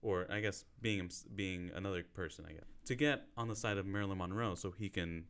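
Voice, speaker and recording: A man co-hosting a podcast, casually retelling a movie in a rambling, halting way with many fillers. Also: deep voice, fairly bright tone, smooth. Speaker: podcast co-host. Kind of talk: casual chat.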